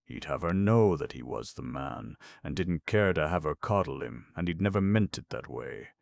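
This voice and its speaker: A man narrating a classic novel as an audiobook, in steady storytelling, lifting his voice for the characters' speech. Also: moderate pace, vocal fry, no echo, studio quality. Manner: steady storytelling, raises pitch and volume for quoted characters.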